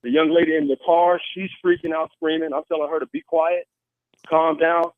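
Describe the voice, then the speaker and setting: A man calls in to tell a personal story, earnest and full of restarts. His voice sits fairly high and comes through a tinny, phone-like line with no room sound. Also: level tone, normal speed, no echo. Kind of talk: personal story told on a call-in show.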